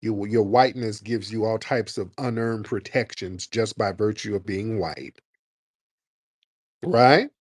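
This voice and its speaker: A man's voice: on the low side, measured pace, breathy edge, no echo, studio quality. A man hosting a radio-style show with callers, mocking and combative, talking over the caller. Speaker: host taking callers. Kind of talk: heated call-in debate.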